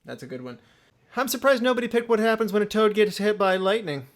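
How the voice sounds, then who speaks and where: A man's voice: sits high, big pitch swings, quick pace. A man in his thirties hosting a casual movie podcast, teasing and laughing often. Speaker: podcast host.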